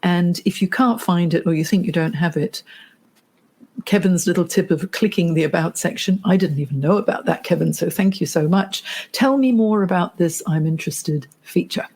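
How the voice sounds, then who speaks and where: A middle-aged woman career coach hosting a podcast interview, telling stories in a lively, animated way. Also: fairly low pitch, moderate pace, breathy edge.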